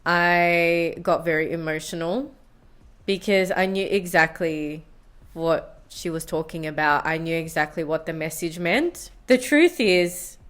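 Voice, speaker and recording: A woman in her thirties tells a personal story to camera in a candid, confessional way. Her voice sits a little low, and she often laughs at her younger self. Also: level tone, a little slow, a bit bright. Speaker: science vlogger. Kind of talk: storytime vlog.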